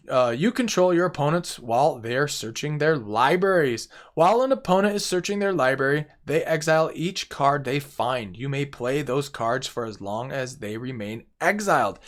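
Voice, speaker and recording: A man with a somewhat high voice talks through a card game deck in a relaxed, casual way. He sounds gleeful and playful, savoring each card and repeating words for effect.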